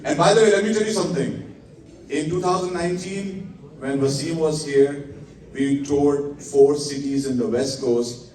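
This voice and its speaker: A man calls bids at a charity fundraiser, pushing the room to go higher and blessing each winner. His voice sits a little high and lively. He is heard from some distance in a big, booming hall. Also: normal speed. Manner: upbeat, coaxing bids, peppered with religious blessings. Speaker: charity auctioneer. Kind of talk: live fundraising auction calling. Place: large indoor event hall. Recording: echoey hall, mic at a distance.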